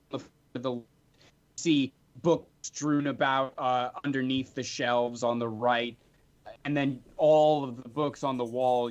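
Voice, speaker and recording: A man narrating a tabletop game as game master, chatty and animated, with frequent filler ums. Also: medium pitch. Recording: dull lo-fi recording.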